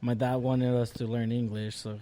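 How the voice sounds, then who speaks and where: Co-host, man, Mexican Spanish accent, mellow dark tone, relaxed slangy delivery. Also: mid-range voice, normal speed. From Tijuana, Mexico. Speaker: podcast co-host. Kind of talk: casual chat.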